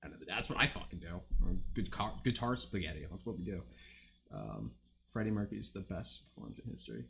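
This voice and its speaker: A man's voice: low voice, lively intonation, brisk, vocal fry, a bit bright, slight background noise. Rambling, swearing young man streamer. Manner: rambling, profane, lots of fillers. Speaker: livestream host. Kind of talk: casual chat with stream viewers.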